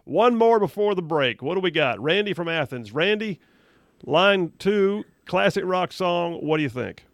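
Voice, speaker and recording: A man hosting a call-in radio talk show, bantering quickly and upbeat with callers. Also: sits high, expressive, no room sound. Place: radio studio. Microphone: studio mic, close.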